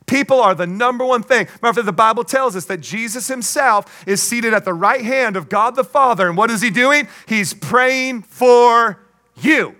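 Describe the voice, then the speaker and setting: A man's voice: extremely high pitch, moderate pace, pushed and bright. A man preaching a sermon as pastor, emphatic, with call-and-response asides and playful jokes.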